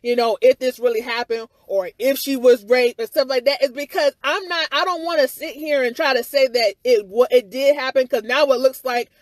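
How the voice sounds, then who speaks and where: A woman with a high voice speaks right into her phone outdoors, rambling in a frustrated, candid rant full of fillers and the odd curse. The sound is dry and close, with no room around it. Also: steady tone, normal speed, few pauses, no echo. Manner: rambling and frustrated, full of "you know" and "or whatever", with occasional swearing. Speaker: vlogger giving her side of a viral incident. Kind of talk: candid livestream-style rant. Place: outdoors outside her house.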